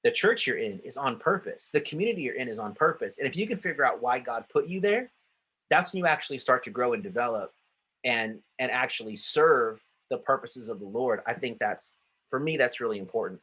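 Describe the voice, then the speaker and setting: A man speaks to former students in a relaxed, conversational way, and he gets animated when he acts out old conversations. His voice is bright and forward, at a middle pitch. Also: a little fast, breathy edge. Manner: animated, acts out quoted dialogue. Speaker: ministry school staff speaker. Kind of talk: casual talk to alumni.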